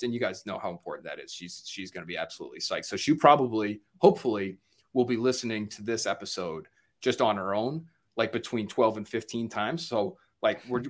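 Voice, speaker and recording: An American man, a sports journalist, chatting as a podcast guest, jokey and upbeat. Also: on the low side. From United States. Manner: jokey, upbeat, repeats himself. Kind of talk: casual podcast chat.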